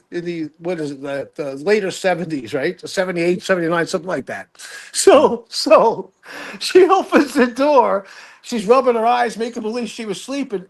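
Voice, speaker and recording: A man in his sixties casually telling a story from his youth, animated and rambling, swearing freely. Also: high-pitched. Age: 60s. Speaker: guest storyteller.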